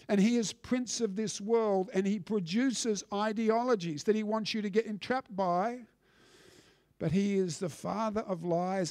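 High-pitched guy preaching in church, emphatic, keeps restarting, dry sound. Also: darkish tone, dry recording. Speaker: pastor. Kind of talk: sermon.

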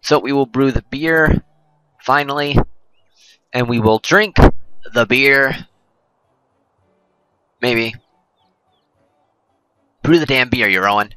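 A man's voice: medium pitch, slow, long pauses, sharp tone, clear, resonant tone, no echo, poor audio. A man hosting a let's play, giving rambling, jokey gameplay commentary and often correcting himself.

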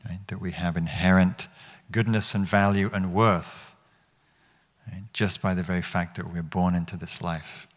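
A man's voice: sits low, fairly even intonation, normal speed. A man teaching meditation to an audience in a hall, speaking reflectively and asking them questions, often restarting his phrases. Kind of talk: dharma talk.

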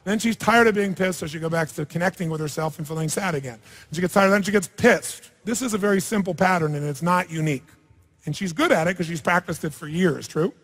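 Fast and fairly bright, with a voice that sits high, a man coaches a seminar participant in front of an audience. He's provocative and blunt, swearing freely throughout. The setting is a large hall, and the sound carries a long reverb.

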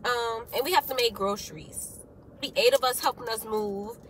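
A young woman about nineteen talks straight to her phone camera in a relaxed, upbeat vlog, sprinkling in plenty of "like." Her voice sits a bit high. There is clear background noise across the phone recording. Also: moderate pace. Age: young adult, about 19. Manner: chatty and upbeat, loose with many "like" fillers. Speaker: vlogger. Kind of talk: casual vlog chat to camera.

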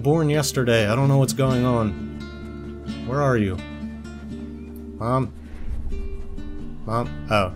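A man gives a cheeky newborn lynx cub that grumbles and whines at its mother in let's play commentary. The voice sits at an ordinary middle pitch, with faint music playing behind it. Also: close to an everyday voice. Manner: joking, mock-whiny complaints, frequent laughs.

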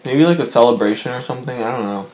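In his bedroom, a young mukbang vlogger talks fast to his viewers in a medium-pitched, slightly mellow voice, with slight background noise. The casual chat to camera is emotional, rambling and full of fillers.

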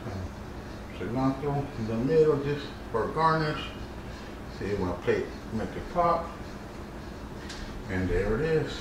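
Male cooking vlog host, relaxed and chatty, mid pitch, recorded in an echoey home kitchen with noise. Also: slow pace, pauses often. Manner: relaxed, chatty, talks while eating.

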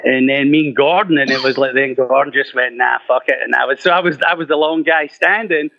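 Steady-toned yet forceful and bright, this mid-range voice moves briskly with vocal fry as a middle-aged rock singer relates casual stories. He's profane and laughing, performing the voices of people he quotes, and the recording is dry, muffled, and lo-fi.

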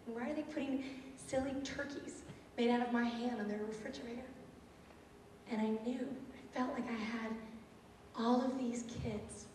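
A woman's voice: a little high, normal speed, slight background noise. A woman in her thirties, a teacher giving a lecture, telling stories animatedly and acting out her students' lines. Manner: animated, acts out students' quotes. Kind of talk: storytelling talk. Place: university auditorium. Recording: echoey hall from far off, lo-fi tape.

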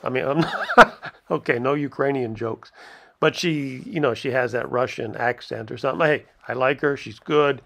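A male movie reviewer talks through a film in a loose, rambling way, often breaking into chuckles. His voice has a gravelly, fried texture at a middling pitch. He sounds like he is recording casually at home. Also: wildly swooping pitch, moderate pace, pushed and bright. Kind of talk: casual video review commentary.

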